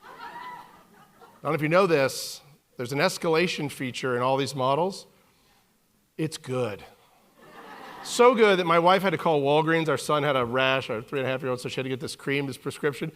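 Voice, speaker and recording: A man in his forties giving a live keynote talk on a conference stage, animated and joking with the audience. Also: fairly high pitch, moderate pace, long pauses. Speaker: keynote speaker.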